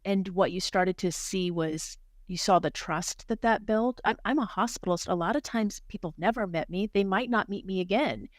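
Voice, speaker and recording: A woman who is a hospital doctor, speaking as a guest in a podcast interview, talking fast and earnestly, with many restarts and repeated words. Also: mid-range voice, no room sound, clean studio sound. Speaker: hospital physician executive, guest.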